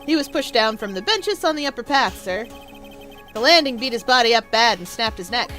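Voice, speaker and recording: A woman's voice: a little high, lively intonation, a little fast, a bit bright, faint music behind, voice pushed down. A woman voicing a nerdy, deferential male detective. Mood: earnest. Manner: nerdy, deferential, says sir a lot. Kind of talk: video game voice-acting.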